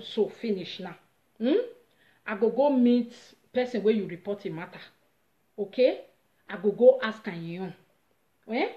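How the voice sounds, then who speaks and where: A woman with a Nigerian accent casually retelling a story on her vlog, animated and dramatic. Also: medium pitch. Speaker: vlogger. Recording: roomy, slightly dull recording.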